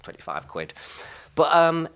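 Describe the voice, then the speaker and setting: High-voiced rambling man. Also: sing-song, unhurried, vocal fry, fairly bright tone, clear, resonant tone. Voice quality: high, light voice that never broke. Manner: rambling, comic tangents, self-mocking, frequent restarts. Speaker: guest. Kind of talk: casual chat.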